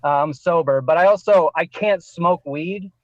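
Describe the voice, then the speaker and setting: Man, stand-up comic, high voice, self-deprecating, dry dull recording. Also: moderate pace, no room sound. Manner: self-deprecating, laughs at his own story. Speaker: stand-up comedian. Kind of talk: stand-up set.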